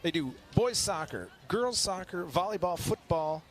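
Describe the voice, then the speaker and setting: A man's voice: high voice, animated, measured pace. A man co-hosting live local TV commentary of a street parade. He reads sponsor blurbs and banters upbeat with his partner.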